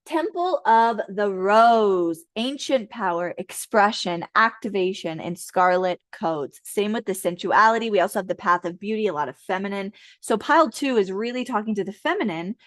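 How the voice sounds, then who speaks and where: A playful woman in her thirties chats her way through a tarot card reading for viewers, laughing and swearing often. Her voice sits at a middling pitch. The sound is dry and close, with no room echo. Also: lively intonation, normal speed, few pauses.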